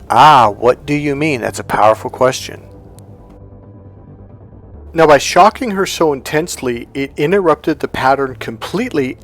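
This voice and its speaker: A man who works as a relationship coach and hypnotherapist, telling a personal story as motivational talk and acting out the dialogue in it. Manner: animated, acts out quoted dialogue with high lifts in pitch.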